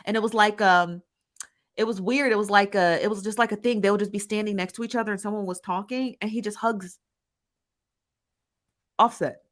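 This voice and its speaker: A woman's voice: mid-range voice, steady tone, fairly quick, long pauses. A woman hosting a casual live-stream commentary, laughing often and calling viewers "honey" and "child" as she reads the chat.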